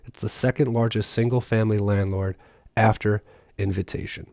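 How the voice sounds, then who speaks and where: This political commentator has a lowish, darkish voice with fairly even intonation and a normal pace. He reads a news article aloud, breaking off to mock the text sarcastically, and the recording is dry and studio-clean.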